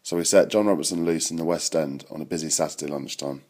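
A man announcing the segment in a brief scripted voice-over, in a dry, brisk manner. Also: a bass voice, darkish tone.

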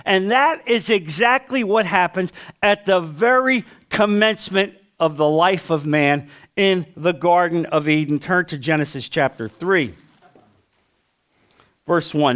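A male pastor preaching a sermon with passion, asking the congregation questions and swinging from loud to hushed. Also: high voice, measured pace.

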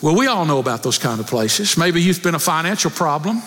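A man preaching a sermon, acting out prayers and rising to near shouts. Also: fairly high pitch, big pitch swings, fairly quick, in a large hall.

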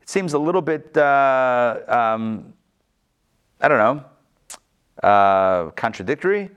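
A man teaching a text-study class at a mid-range pitch, talking conversationally. He keeps asking his listeners rhetorical questions. His pitch swings up and down for emphasis. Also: lively intonation, slow, a bit bright, clear, resonant tone, dull audio.

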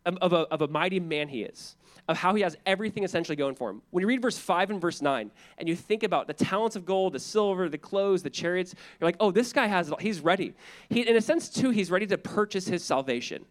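Casual and lively, this male pastor's sermon brings the story's characters to life through rapid impersonations, all delivered in a voice that sits high.

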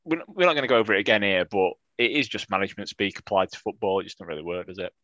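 A man's voice: on the low side, very fast, fairly bright tone, dry recording, muffled recording. A man co-hosting a football fan podcast, chatting casually with wry, teasing banter and frequent restarts. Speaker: podcast co-host.

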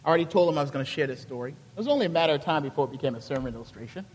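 A male pastor from Charleston, South Carolina, with a Southern accent and a high voice, preaching a sermon in an animated, colloquial storytelling way. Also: racing, long reverb tail, slight background noise.

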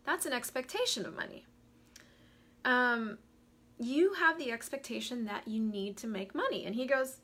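A woman's voice: sits high, big pitch swings, measured pace, pauses often, bright, forceful tone. A woman hosting a live coaching stream, talking animatedly, laughing and greeting viewers as she goes. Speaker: host of a live money coaching show.

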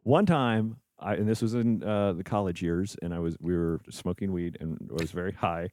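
A man's voice: low-pitched, moderate pace, darkish tone, slight background noise. A young man hosting a podcast, chatting casually and laughing often at his own expense. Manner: laughs often, self-mocking. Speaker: podcast host. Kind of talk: casual chat. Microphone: podcast microphone.

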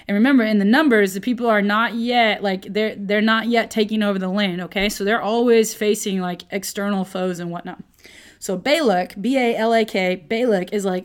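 A woman's voice: mid-range voice, moderate pace. A woman teaching a casual Bible lesson, conversational and playful, who often checks in with her listeners. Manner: conversational, keeps checking in with "okay?", playful asides.

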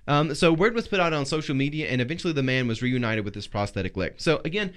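A man's voice: medium pitch, animated, fast talker, clear, resonant tone. A man hosting a faith talk show, telling odd news stories in a theatrical, jokey way. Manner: theatrical, jokey, big swings in loudness. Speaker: host.

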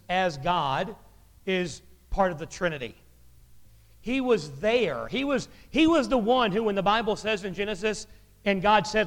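A man preaching from the pulpit, talking plainly and bluntly, then slowing down to press his main points. His voice sits fairly high for a man. The sound rings with the long reverb of a large hall. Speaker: pastor. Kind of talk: sermon.

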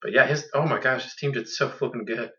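Slightly off-mic and distant on a dull, lo-fi recording, this fantasy football podcast co-host talks fairly quickly in a mid-range voice that sounds pushed and bright. He chats casually and playfully, laughing a lot and doing mocking voices.

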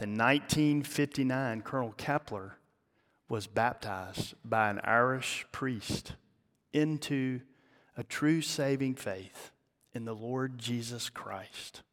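A male pastor telling a story in a sermon, dramatic, with his voice dropping low and hushed at the emotional peaks. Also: takes it slowly. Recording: long hall reverb.

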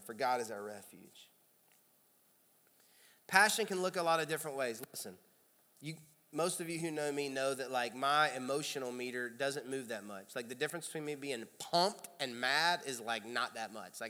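A pastor with a Kentucky accent preaching a sermon in a conversational way, with loud emphatic bursts. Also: male voice, medium pitch, moderate pace. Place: large church sanctuary. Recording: long hall reverb.

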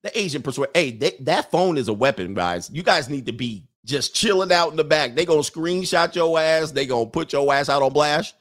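A man's voice: on the high side, expressive, fairly quick, few pauses, a bit bright. A man hosting a casual livestream, reading chat and running a poll, loose and joking with frequent digressions.

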